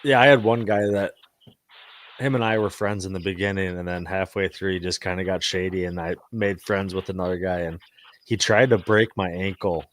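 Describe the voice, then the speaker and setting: Deep-voiced man telling a story. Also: fairly even intonation, normal speed, dry recording. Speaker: guest. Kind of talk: casual chat.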